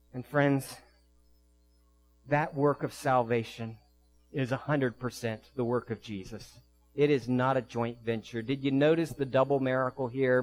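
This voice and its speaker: Pastor preaching with soft, slow emphasis. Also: male voice, mid-range voice, poor audio. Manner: vivid storytelling, quick bursts then slow soft emphasis. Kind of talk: sermon.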